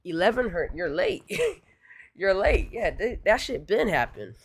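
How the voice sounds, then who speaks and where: Excitable slangy male reaction streamer. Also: high-pitched, measured pace, vocal fry, breathy edge. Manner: excitable, repeats phrases, heavy slang. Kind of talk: casual reaction commentary. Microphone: streaming mic.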